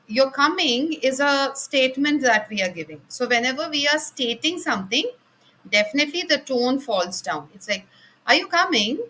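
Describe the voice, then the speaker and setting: A woman's voice: on the high side, pushed and bright, a little hiss or hum, low-quality recording. A woman taking part in an online training session, answering hesitantly over a video call with many fillers. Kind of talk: answering in class.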